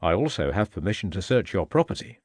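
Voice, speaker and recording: A calm, courteous Victorian inspector, voiced by a man, giving orders in a low, measured voice. His pitch still moves with life, and the storybook reading is heard dry and close. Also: dry recording, exaggerated voice. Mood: firm. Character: calm, compassionate male Victorian police inspector.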